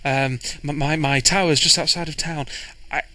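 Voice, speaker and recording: A man's voice: a little high, steady tone, normal speed, pushed and bright, dry recording. A man voicing a nervous, twitchy little male astronomer who stammers and hesitates in a tabletop game.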